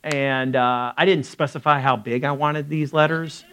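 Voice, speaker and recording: A middle-aged male pastor telling a personal story in a sermon, then praying, with lively asides. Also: fairly high pitch, clean tone. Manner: lively storytelling with acted quotes and quick asides.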